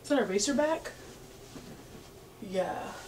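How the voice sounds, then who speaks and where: A woman's voice: a little high, lively intonation, slow pace, a little mellow, a little hiss or hum. A young woman hosting a casual clothing try-on haul, sassy and playful, laughing often as she talks to her viewers. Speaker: fashion vlogger.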